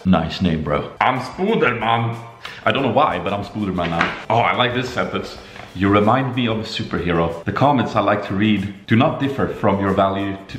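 A man from Sweden talking casually in a home vlog, chatty and playful, dropping to soft murmurs and jumping to high excited bursts. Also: reverberant. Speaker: vlogger. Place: home kitchen.

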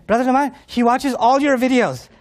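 A man gives a humorous sermon to a live audience, his voice pitched notably high for a man. He is animated, acting out little scenes of dialogue and laughing often. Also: a little fast. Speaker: preacher.

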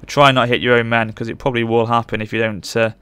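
A man narrates his strategy battle as he plays, rapidly switching from calm explanation to shouted orders. His voice is smooth and clear, sitting at an ordinary pitch. Faint music plays underneath. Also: dry recording. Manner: urgent, excitable, barks orders at units. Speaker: gaming channel host. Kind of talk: live gameplay commentary.

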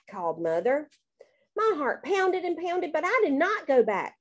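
Expressive woman narrating a children's book. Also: high-pitched, measured pace, dull audio. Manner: bouncy and expressive. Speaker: audiobook reader.

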